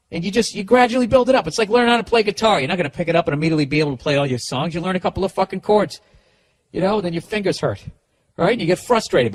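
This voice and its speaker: A man's voice: sits high, dry recording. A man with a Boston accent, hosting a podcast and giving profane, rambling comedic advice. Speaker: podcast host.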